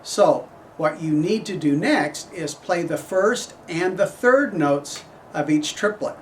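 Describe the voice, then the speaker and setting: A middle-aged man gives a horn clinic, talking slowly and explaining each phrase with care. His voice sits fairly high, and he sings phrases on syllables. He is recorded from a distance with faint ambience behind him. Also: lively intonation. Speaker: horn professor giving a clinic. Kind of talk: instructional clinic talk.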